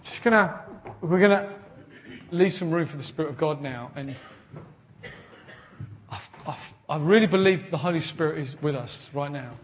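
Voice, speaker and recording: A man preaching a sermon, earnest and animated, often repeating words as he builds to a point. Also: fairly high pitch, moderate pace, pauses often, slight background noise. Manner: animated storytelling with acted quotes. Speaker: pastor.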